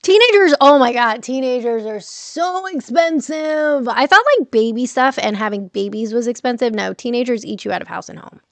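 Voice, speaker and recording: A middle-aged woman chats casually on a livestream, answering her viewers, laughing and swearing freely. Her slightly high voice carries a gravelly fry. The sound is dry and close. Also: expressive, fairly quick, hardly any pauses, a bit bright, dry recording. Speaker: livestream host.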